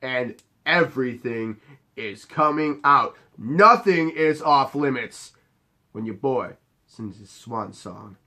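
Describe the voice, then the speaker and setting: A man's voice: mid-range voice, expressive, slow, pushed and bright, slight background noise. Cocky, foul-mouthed bouncer man telling tales. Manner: cocky, profane and swaggering. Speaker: bar bouncer and head of security. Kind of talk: casual storytelling to camera.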